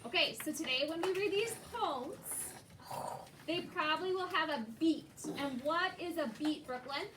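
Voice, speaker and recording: High-voiced teacher in an echoey classroom. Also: female voice, expressive, moderate pace, fairly bright tone. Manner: patient, prompting questions to students by name. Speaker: second grade teacher. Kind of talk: classroom instruction. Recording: echoey classroom, distant noisy mic.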